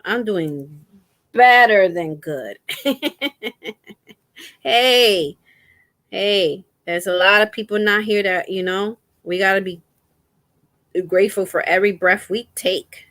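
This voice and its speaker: A woman chats slowly and easily on a crochet livestream, drifting between topics and talking about her faith. Her voice sits at a middle pitch and is recorded close and dry. She talks like someone in pain who is resting her foot and staying upbeat. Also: a bit bright, no room sound. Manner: rambling, faith-filled, chatty with viewers. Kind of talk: casual livestream chat.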